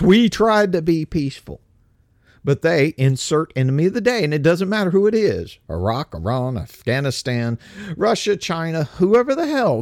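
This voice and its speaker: A man's voice: fairly high pitch, a little mellow, no echo, clean studio sound. A man giving a heated, blunt and profane monologue as a commentator. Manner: indignant, blunt, profane, ranting.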